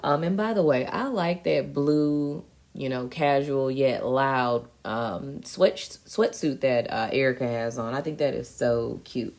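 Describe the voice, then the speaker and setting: A woman's voice: rumbling low, unhurried, darkish tone. A young adult woman with a sassy, slangy, chatty manner, recapping a reality TV episode as a vlog host. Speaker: TV recap vlogger. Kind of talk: casual chat recapping a reality show.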